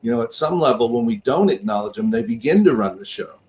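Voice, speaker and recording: A man's voice: mid-range voice, animated, fast, darkish tone. A man co-hosting a spiritual talk show, speaking in a reflective way and searching for his words. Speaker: co-host minister.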